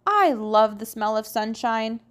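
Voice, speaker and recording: A woman reading as a cheerful, eager young girl with a high, bright voice, in a storybook read-aloud. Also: expressive, measured pace.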